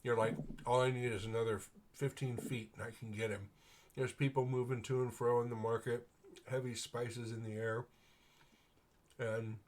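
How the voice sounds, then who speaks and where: A man running a tabletop game as game master, narrating scenes and calling for rolls in a relaxed, hesitant way with frequent fillers. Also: mid-range voice.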